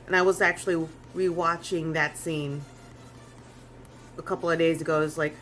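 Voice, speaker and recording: A woman's voice: sits low, steady tone, moderate pace, long pauses, a bit bright, slight background noise. A woman artist chatting casually on a live stream as she draws, rambling, restarting sentences and swearing freely. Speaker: artist streaming while drawing.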